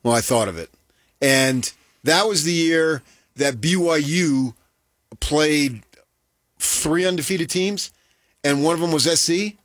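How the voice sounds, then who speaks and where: A man co-hosting a sports talk show, joking wryly in a lively, animated way. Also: a little high, slow, long pauses, no room sound, clean studio sound. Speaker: sports radio co-host.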